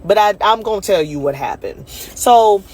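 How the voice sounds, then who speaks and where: A woman's voice: medium pitch, expressive, a little fast, slightly rough, rough recording. A woman rideshare driver ranting in a casual storytime, emphatic and sassy.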